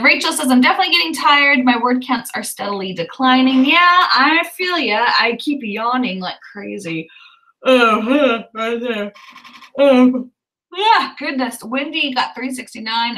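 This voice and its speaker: High bright woman, chirpy livestream host, casual chat, cheers on viewers, a bit far from the mic. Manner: upbeat, cheers viewers on and reads out their comments. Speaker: livestream host of writing sprints.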